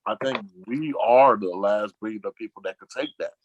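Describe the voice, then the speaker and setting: A man, chatting casually as a talk-show guest, rambling and slangy, acting out quoted friends in a lower voice. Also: moderate pace, dull audio, slight background noise. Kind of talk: casual chat.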